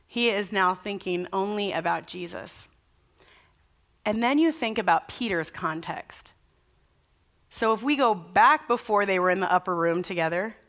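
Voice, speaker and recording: A woman's voice: mid-range voice, bright, forceful tone. A woman pastor preaching a sermon in a casual, conversational way, acting out the people in the story with energy. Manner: conversational and enthusiastic, acts out quotes.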